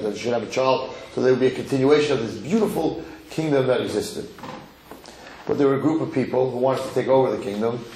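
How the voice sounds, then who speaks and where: Man, rabbi lecturing, emphatic, repeats himself, roomy hall, faint hiss. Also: medium pitch. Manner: emphatic, repeats words, rises to shouts. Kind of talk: animated Torah lecture with a story.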